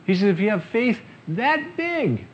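A male preacher with a rather high voice delivers an emphatic sermon. He sinks into hushed lines and then lifts to strong, loud ones. The recording sounds dull and lo-fi. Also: big pitch swings, measured pace, a little hiss or hum. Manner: emphatic, swinging from quiet to loud. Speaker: pastor.

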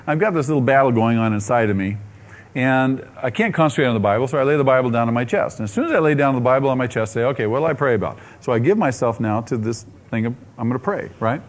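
A man preaching, telling his own story with animated delivery, acting out his inner dialogue and laughing often. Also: medium pitch. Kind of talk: sermon testimony storytelling.

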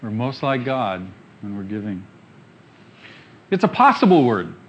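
A man preaching a sermon emphatically, dropping quiet and then rising loud. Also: medium pitch, sing-song, unhurried, slight background noise, poor audio. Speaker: pastor.

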